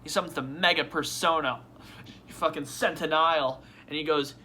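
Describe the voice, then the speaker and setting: A man vlogging casually at his desk, rambling and excitable with frequent swearing and restarts. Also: fairly high pitch, normal speed, slight background noise. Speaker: toy unboxing vlogger.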